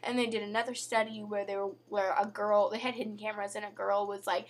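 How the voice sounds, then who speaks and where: A young woman vlogging in a casual chat to camera, chatty and full of "like" and "you know", her voice going hoarse. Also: mid-range voice, flat delivery, quick pace, few pauses.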